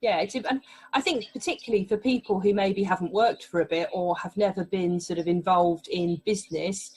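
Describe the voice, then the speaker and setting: A woman's voice: medium pitch, fairly even intonation, a little fast, darkish tone, a little hiss or hum, low-quality recording. A woman from England, a family mediator, explaining her work in a podcast interview in a reassuring way.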